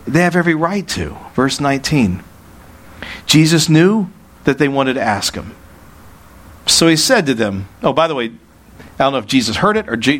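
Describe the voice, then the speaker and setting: A male pastor preaching a sermon in an earnest way, asking rhetorical questions. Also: medium pitch.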